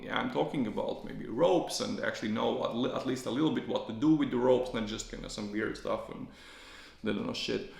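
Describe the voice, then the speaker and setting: A man hosts a podcast in a loose, casual monologue, circling back on his words and restarting sentences as he goes. His voice sits at a middling pitch but is heavily gravelly with vocal fry. The room around him gives a noticeable echo. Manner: rambling, with many restarts and repeated words. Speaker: podcast host. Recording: roomy echo.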